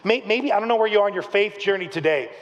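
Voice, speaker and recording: High-voiced pastor in a reverberant church hall. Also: male voice, fast, dull audio. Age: 30s. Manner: lively storytelling, acts out quotes, jokes with the congregation. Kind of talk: sermon. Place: church auditorium, live service. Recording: long reverb of a large hall.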